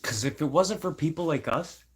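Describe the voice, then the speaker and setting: A man from Manitoba venting in a casual, unscripted talk to camera, swearing a lot and swinging from loud outbursts to low mutters. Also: normal speed, background noise. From Manitoba, Canada. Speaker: vlogger.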